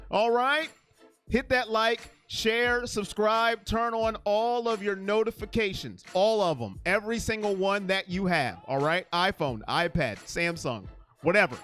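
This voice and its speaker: Streaming sports host, casual and playful, very lively pitch, repeats lines for hype. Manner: animated and playful, teasing with exaggerated high-pitched repeats; hypes viewers, repeating phrases for emphasis. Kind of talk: casual live chat reading viewer comments.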